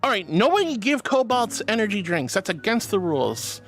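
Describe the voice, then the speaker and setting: A man with a high voice, streaming live and reading his chat aloud in a doting, affectionate way. He calls viewers honey and darling and breaks into excited squeals. Soft music plays faintly underneath. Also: moderate pace.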